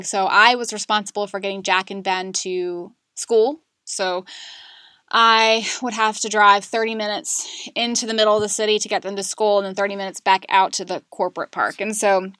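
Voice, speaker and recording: A woman in her thirties, a podcast guest, telling a painful personal story candidly, with many fillers and pauses. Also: mid-range voice, fairly even intonation, bright, forceful tone, no echo, clean studio sound. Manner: candid, emotional, frequent fillers. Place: Charlotte area.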